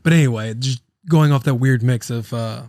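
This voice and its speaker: A man's voice: mid-range voice, moderate pace, darkish tone, dry recording, studio quality. A man in his thirties hosting a podcast, rambling and joking, with casual swearing and a loose ad read. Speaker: podcast host.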